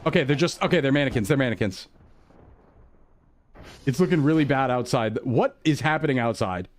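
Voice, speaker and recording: A man's voice: medium pitch, lively intonation, a little fast. A male streamer in casual gameplay chat, rambling to himself and his chat, jumpy and easily startled.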